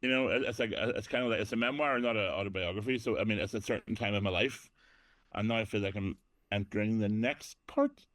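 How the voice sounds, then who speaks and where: A man's voice: on the low side, brisk, fairly bright tone, no room sound. A middle-aged man from Northern Ireland, chatting casually as an interview guest, self-deprecating with frequent ums. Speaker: guest, actor and DJ.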